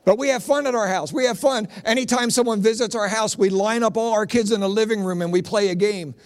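Speaking briskly in a high register, this middle-aged man from Pennsylvania works a stand-up set as a comedian-preacher, spinning lively tales punctuated by punchy jokes.

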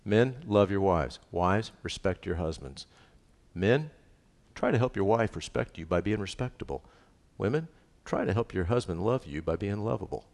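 A low-voiced man leads a sermon as pastor, chatty and animated, keeping the congregation in the conversation. His voice carries a long reverb from the church hall around him. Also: normal speed, creaky. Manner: lively, conversational preaching with frequent "right?" asides.

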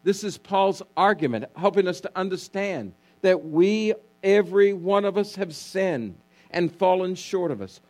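A male pastor delivers a sermon in a high, unhurried voice. He leans on key words and repeats them for emphasis, calling on the congregation to answer. A faint hum sits under the recording. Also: expressive, darkish tone.

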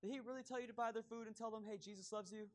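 A man putting on a nagging high devil voice. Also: fairly even intonation, rapid-fire, a little mellow, lightly acted. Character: doubting inner voice of the enemy, nagging.

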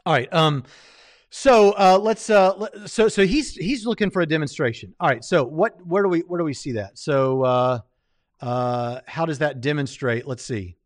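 A man hosts a live stream, talking through a debate in loose, rambling commentary full of fillers and restarts. His voice sits a little high, and the sound is dry and close with no room echo. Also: normal speed. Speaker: livestream host reviewing a debate.

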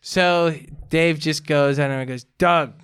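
A man's voice: fairly high pitch, normal speed, clear, resonant tone. A young man telling a rambling college story in casual chat, full of "like" and acted-out dialogue. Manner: rambling, animated storyteller with lots of "like".

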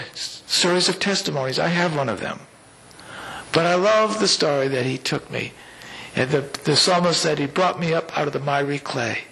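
A middle-aged man preaching a sermon as pastor. He builds phrases with rising emphasis and slows down to a weighty close at the end of lines. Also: a little high, vocal fry, a bit bright, rough recording. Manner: preaching with swelling emphasis and slow, weighty endings.

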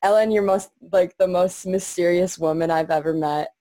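A young woman with a lowish, dry, close voice speaks over a video call. She gushes about her friends, filling her sentences with "like.". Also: steady tone, normal speed, dark tone, no echo. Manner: gushing, says "like" a lot. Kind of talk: heartfelt casual tribute.

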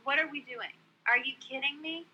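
A woman's voice: high-pitched, brisk, sharp tone, muffled recording. A woman from New York in casual chat, blunt, profane and exasperated.

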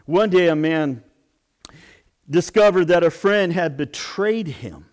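A man's voice: on the high side, takes it slowly. A man, a pastor, delivering a sermon with dramatic storytelling.

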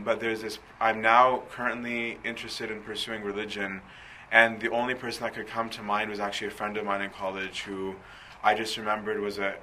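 Bright-voiced preacher asking "right?". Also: male voice, on the low side, a little hiss or hum, rough recording. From Coptic Christian community. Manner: conversational, rhetorical questions, frequent "right?". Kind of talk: sermon.

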